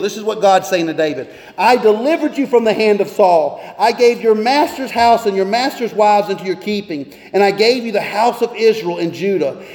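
A man's voice: high voice, lively intonation, a little fast, a little mellow. A man, a pastor, preaching a sermon with earnest emphasis and pointed rhetorical questions. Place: church sanctuary. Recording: echoey long reverb of a church hall.

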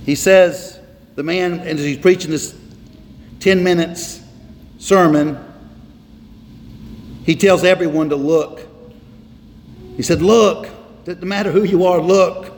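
A man's voice: sits high, fairly even intonation, takes it slowly, long pauses. A man preaching a sermon from the pulpit, emphatic and repetitive, hammering on single words. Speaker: pastor. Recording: reverberant hall with faint noise.

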